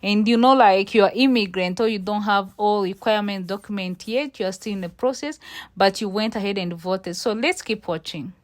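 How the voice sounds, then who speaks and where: A woman's voice: medium pitch, normal speed, no room sound. A woman hosting a casual reaction video, chatty and talking to her viewers as guys. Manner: chatty, addresses viewers as guys, many fillers. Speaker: host of reaction channel.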